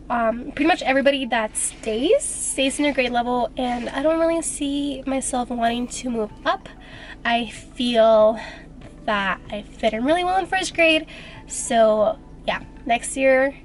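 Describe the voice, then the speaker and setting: A woman's voice: high-pitched, echoey room. A woman who teaches first grade, chatting casually in a vlog from her car, congested with a stuffy nose and a bit frazzled.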